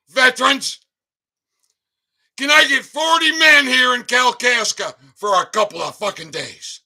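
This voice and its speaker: A middle-aged man hosting a livestream, ranting with heavy profanity, shouting and sarcastic mocking asides. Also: very high voice, measured pace, vocal fry. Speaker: livestream host.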